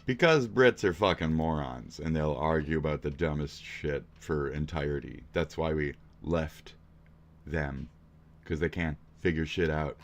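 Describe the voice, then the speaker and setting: A man's voice: a bass voice, measured pace. A man, a streamer reacting to a video, ranting crudely and angrily with constant swearing. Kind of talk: profane rant.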